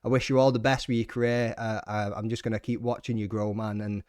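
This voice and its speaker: A man's voice: on the low side, steady tone, fast, a little mellow, clean tone, no echo, studio quality. A British man hosting a podcast, chatting casually with friendly banter, calling his guest mate and swearing freely. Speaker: podcast host.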